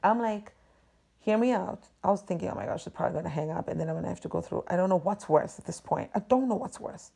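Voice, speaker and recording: A woman's voice: fairly low pitch, rapid-fire, vocal fry, few pauses, dark tone, slightly rough. A woman hosting a podcast, delivering an exasperated, profane and emphatic ranting monologue. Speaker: podcast host.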